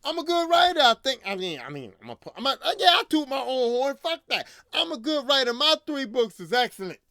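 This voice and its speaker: A man's voice: very high-pitched, sing-song, fairly quick, sharp tone, no room sound. A man hosting a podcast, ranting in casual, profane, slangy talk, repeating himself, a little drunk. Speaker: podcast host.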